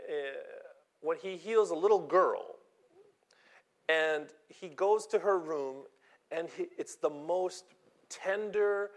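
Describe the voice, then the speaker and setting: Slow, high-voiced male preacher. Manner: earnest, acts out quoted voices, repeats words. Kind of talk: sermon.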